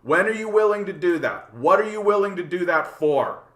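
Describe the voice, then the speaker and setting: A man hosts a casual livestream and rants at his chat in an animated, profane way. His voice is bright and forceful, and he often repeats words while he works out his point. The sound is roomy, with echo from the space around him. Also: sits high, normal speed. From Canada. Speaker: livestream host reading chat.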